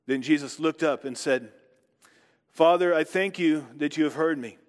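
Guy reading scripture then preaching, slightly high voice, long echo like a big hall. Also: normal speed. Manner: reflective, asks rhetorical questions.

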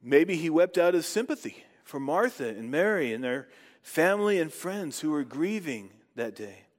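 A man's voice: fairly high pitch, big pitch swings, normal speed. A man reading scripture aloud and then preaching on it, reflective and posing rhetorical questions. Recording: long hall reverb.

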